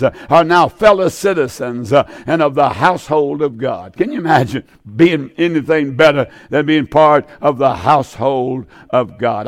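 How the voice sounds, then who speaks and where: Gravelly, halting radio preacher man. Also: a little high. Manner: halting, many fillers and restarts. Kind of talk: radio sermon with scripture reading.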